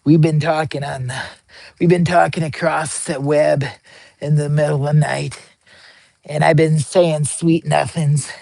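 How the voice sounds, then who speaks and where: A man's voice: fairly high pitch, unhurried, gravelly, pauses often, breathy edge, no echo. A man talking casually in a rambling, goofy, slangy product review vlog, outdoors at camp. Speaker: vlogger. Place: camping outdoors.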